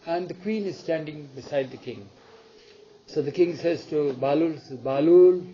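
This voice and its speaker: A man's voice: a little high, moderate pace, lo-fi sound, a little hiss or hum. A man retelling a spiritual story to an audience, acting out the dialogue and asking listeners questions as he goes. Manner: animated, acts out the dialogue, asks the audience questions.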